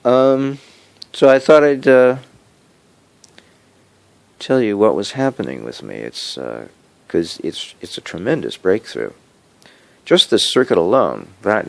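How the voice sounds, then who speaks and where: A man with a very low voice and a rough, fry-laden texture. He talks in a meandering personal monologue, stumbling over his words, repeating himself and chuckling to himself. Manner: digressive, halting, with frequent repeats and chuckles. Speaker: home cook sharing health updates.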